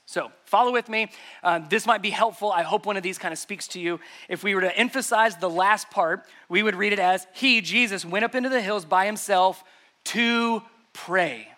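A man's voice: sits high, pushed and bright. A man preaching a sermon to a congregation in an emphatic, conversational way. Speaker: pastor. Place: church service before a congregation.

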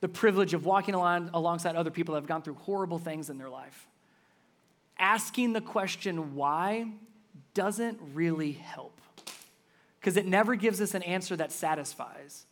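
A man preaching a sermon as pastor, earnest and building up to loud, emphatic passages. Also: sits high, moderate pace.

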